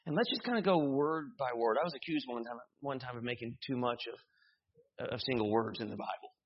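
A man preaches from the pulpit, animated and joking, often repeating his words. His voice is a little husky. The recording sounds dull and lo-fi. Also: medium pitch, fairly quick. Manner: animated preaching with humor and repetitions. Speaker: pastor. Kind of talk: sermon.

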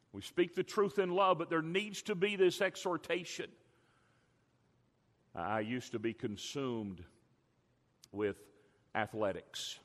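An older man preaching a sermon as a pastor, emphatic, drawing out key words slowly. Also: medium pitch, very animated, fairly bright tone. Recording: long hall reverb.

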